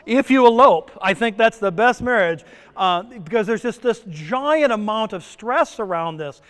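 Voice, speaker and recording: A middle-aged male presenter gives a conference talk, peppering it with jokes and questions to the audience. His voice sits high and sounds smooth. Long reverb from the resort conference hall trails his words. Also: animated, a little slow, fairly bright tone. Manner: joking, asks the audience questions. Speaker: presenter at a stress summit.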